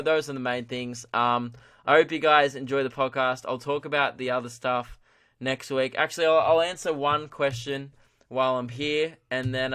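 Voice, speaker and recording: A man's voice: mid-range voice, pushed and bright, dry recording, clean studio sound. A young man, hosting a solo comedy podcast and ranting in a sweary way while laughing at his own jokes. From Australia. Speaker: podcast host.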